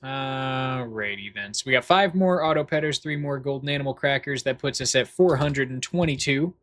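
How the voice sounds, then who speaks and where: A man's voice: mid-range voice, moderate pace, fairly bright tone. A man livestreaming a farming game, chatting casually in a goofy, self-deprecating, rambling way. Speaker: streamer. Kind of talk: casual livestream chat while gaming.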